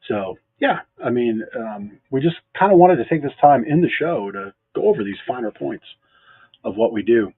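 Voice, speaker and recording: A man with a husky, slightly breathy voice talks shop in an easygoing, joking way, dropping sarcastic asides as he goes. The sound is dry and squeezed into a narrow, phone-like band. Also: medium pitch, animated, moderate pace, no room sound. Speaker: mattress store owner co-hosting a local show. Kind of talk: casual business chat.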